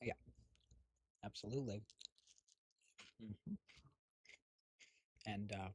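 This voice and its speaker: A man's voice: mid-range voice, expressive, unhurried, pauses often, fairly bright tone, husky, no room sound. A middle-aged man hosting a live stream, chatting casually and rambling with lots of fillers while snacking. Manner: eating while talking. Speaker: streamer host.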